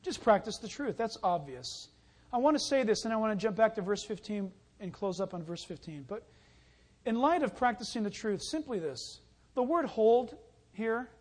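A pastor with a high voice preaches a sermon, shifting between scripture reading and a lively personal story, calling out loudly at the story's peak.

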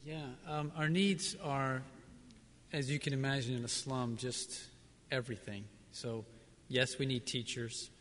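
Male missionary, mid-pitched, earnest and reflective, answering onstage, long hall reverb. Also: steady tone, unhurried, fairly bright tone, slight background noise. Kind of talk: church service interview answers.

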